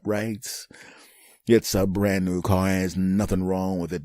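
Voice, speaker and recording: A man's voice: sits low, measured pace, dry recording, studio quality. A man hosting a comedy show, telling a rambling monologue and acting out voices and sounds. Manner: animated, acts out voices and sounds. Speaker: comedian host. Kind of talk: comic monologue.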